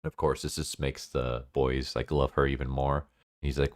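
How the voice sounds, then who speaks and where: Very deep-voiced man recapping a story. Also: brisk, dry recording, clean studio sound. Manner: loose, filler-heavy storytelling. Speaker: anime video host. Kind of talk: casual plot recap.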